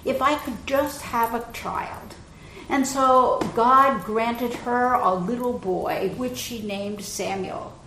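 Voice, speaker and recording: A woman preacher retelling a scripture story in a gentle, unhurried way, her loudness often dipping soft. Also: fairly high pitch, slight background noise. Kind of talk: sermon storytelling. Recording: echoey room.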